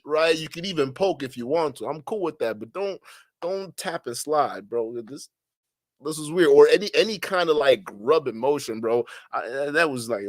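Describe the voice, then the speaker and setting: A man's voice: fairly high pitch, animated, normal speed, no echo, studio quality. A man chatting casually on a stream, reading viewer comments and answering with loose slang, laughter and frequent restarts. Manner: slangy, laughing, repeats himself.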